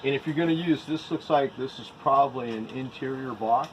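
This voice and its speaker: A male electrical inspector talks through a job step by step, in a mid-range voice of ordinary pitch. His manner is plain and methodical. Clear background noise runs under him throughout the recording. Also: a little fast. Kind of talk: casual on-site inspection talk. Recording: noisy on-site recording.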